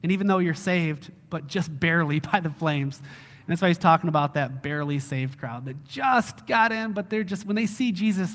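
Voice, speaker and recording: A male lead pastor preaching a casual, animated sermon who acts out excited quotes. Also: on the high side, moderate pace, in a large hall. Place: church hall.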